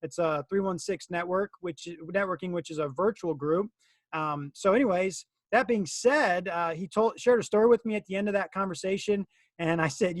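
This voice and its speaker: High-voiced rambling podcast host man. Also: moderate pace, no echo. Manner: rambling, friendly, lots of fillers. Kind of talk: casual interview chat.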